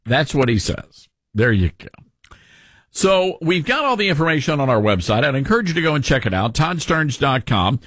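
A man's voice: medium pitch, very animated, normal speed, fairly bright tone, no echo. A man hosting a talk radio show, giving mocking, sarcastic commentary into a studio microphone.

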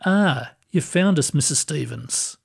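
A kindly ghostly librarian, calm and reassuring, with a gently amused tone, as a male storyteller plays him. He talks slowly and unhurriedly, in a slightly raised register. It sounds like a soft storybook reading. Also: a little high, vocal fry, husky, exaggerated voice. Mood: gentle.

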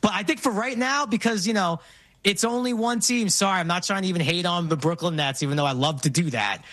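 A man in his forties from New York, with a slightly high, bright, forceful voice. He tells stories in an animated way during casual conversation, often restarting sentences. He talks like a co-host chatting with friends. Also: a little fast, dry recording. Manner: animated storyteller, frequent restarts. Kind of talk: casual chat.

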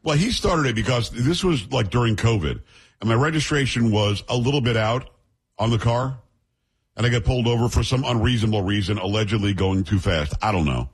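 A middle-aged man hosts a radio talk show in a relaxed, joking way. His voice is a little husky, and he banters easily with a sidekick between segments. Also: mid-range voice, brisk. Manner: chatty, jokey banter with sidekick.

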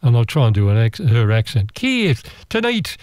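An Australian man telling a travel story in a relaxed, meandering, chatty way, with asides and restarts. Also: fairly low pitch, a little fast, smooth, dry recording. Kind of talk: relaxed travel anecdote monologue.

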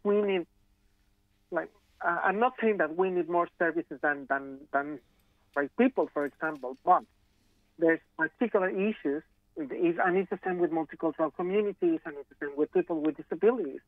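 A man from Australia speaking on a radio panel, halting and repeating words as he thinks. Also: a little high, dry recording. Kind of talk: casual discussion. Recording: tinny phone line.

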